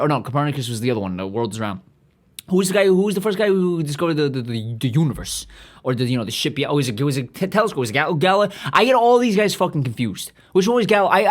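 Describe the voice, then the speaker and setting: A man's voice: medium pitch, fairly bright tone. A man hosting a podcast, delivering a profane, rambling, self-aggrandizing comedic monologue. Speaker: podcast host.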